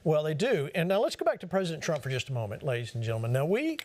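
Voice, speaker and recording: A man's voice: fairly high pitch, big pitch swings, racing, a little mellow. A man hosting a talk show, speaking emphatically and shifting his pace. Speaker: show host.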